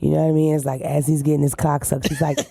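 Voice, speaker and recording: A young adult woman comedian talks as a podcast guest, brash and profane, always joking. Her voice has a gravelly fry and a dark, mellow tone. The room sounds dry and close. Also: low-pitched, level tone, quick pace, no echo. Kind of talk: casual chat.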